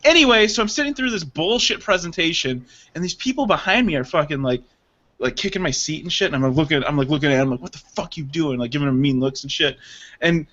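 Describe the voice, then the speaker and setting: A man hosting a casual podcast chat, telling an animated story full of laughter and acted-out quotes. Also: on the high side, quick pace. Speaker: podcast host. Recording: dull lo-fi sound.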